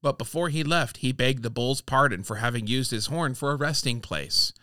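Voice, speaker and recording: A man's voice: medium pitch, normal speed, dry recording, studio quality. A man co-hosting a casual podcast, reading old fables aloud in a playful way and bantering with his co-host. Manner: playful, reads quoted lines with lively voices. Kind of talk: casual chat and storybook reading.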